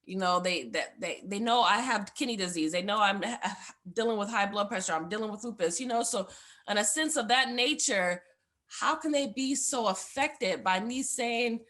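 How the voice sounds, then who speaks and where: A woman's voice: mid-range voice, normal speed, a bit bright. A young woman, a guest on the show, giving a heartfelt personal testimony in a rambling way, full of fillers.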